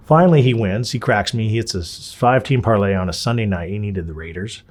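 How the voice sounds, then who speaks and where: A man from Los Angeles, an interview guest, telling his story in a casual, animated way. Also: fairly low pitch, quick pace, hardly any pauses. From Los Angeles, USA. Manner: animated, acts out quoted dialogue.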